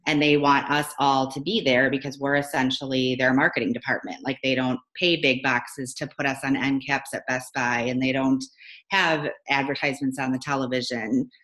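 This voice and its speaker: A woman's voice: a bass voice, little pitch movement, moderate pace, a bit bright, rough recording. A woman on a team call asking a long, rambling question, hesitant with many fillers. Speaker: team member.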